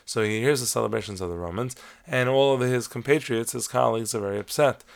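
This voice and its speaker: Male Torah teacher, mid-pitched and heavily gravelly, measured explanatory delivery with Hebrew terms mixed in. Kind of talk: lecture-style lesson on Talmud stories.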